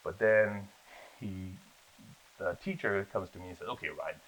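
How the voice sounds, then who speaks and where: A man telling lively stories about his acting career in a casual interview, acting out the people in them. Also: on the low side, a little slow, a little hiss or hum. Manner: animated storyteller, acts out voices in his anecdotes. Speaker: guest, actor. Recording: dull lo-fi sound.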